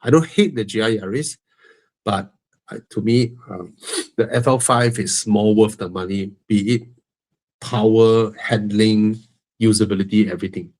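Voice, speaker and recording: A man's voice: lowish voice, normal speed, darkish tone. Man, Malaysian English accent, live Q&A host, stuffy nose, heavy breathing, frank, joking. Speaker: host answering car-buying questions. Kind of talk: live Q&A stream.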